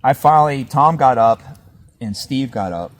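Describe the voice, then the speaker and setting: A man's voice: medium pitch, animated, normal speed. A man hosting a podcast, telling a rambling campfire story with lots of fillers and chuckles, outdoors at a winter camp. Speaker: podcast host. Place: outdoors at a winter campsite by a fire.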